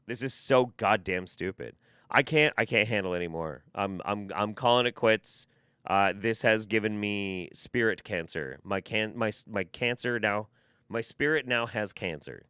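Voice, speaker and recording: A man's voice: fairly low pitch, moderate pace, sharp tone, clean tone, no echo, clean studio sound. A man giving reaction commentary, ranting in an exasperated, profane way. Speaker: commentary YouTuber.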